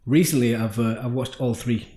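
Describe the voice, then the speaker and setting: A young man hosting a casual podcast chat, retelling film plots in a quick, chatty way. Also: medium pitch, fairly even intonation, warm tone. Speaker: podcast host. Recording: roomy echo.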